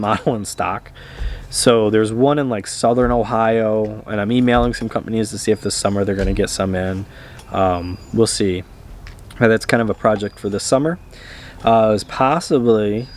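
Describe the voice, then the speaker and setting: A man vlogging in a relaxed, rambling way, with frequent hesitations and fillers. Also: mid-range voice. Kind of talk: casual chat to camera.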